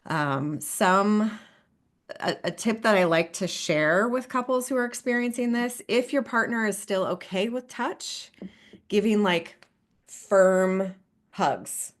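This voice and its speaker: A woman's voice: mid-range voice, slow. A woman couples therapist in a podcast interview, talking in a chatty way with frequent laughs and asides like "right?" and "you know".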